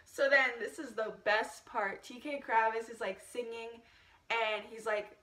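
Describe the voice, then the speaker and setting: A young woman recounts a story in a casual, chatty storytime style. She laughs often and swears freely. Her voice sits a touch high and is picked up a little away from the mic. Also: fairly even intonation, takes it slowly, bright, forceful tone, roomy sound, distant mic. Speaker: vlogger.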